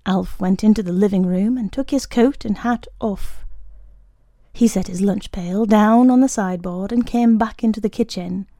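A woman reading a story aloud as narrator, in a calm, measured way. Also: mid-range voice, dry recording, clean studio sound.

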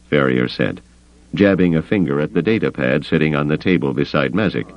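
A man reading a story aloud in an expressive manner, slipping into character voices. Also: very deep voice, fairly quick. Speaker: audiobook narrator. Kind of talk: scripted narration. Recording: dull lo-fi recording.

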